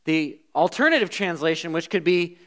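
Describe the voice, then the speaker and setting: Guy preaching a sermon, kinda high voice, goes loud then drops real quiet. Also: expressive, normal speed. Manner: dynamic preaching, swinging between loud emphasis and hushed asides. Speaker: pastor.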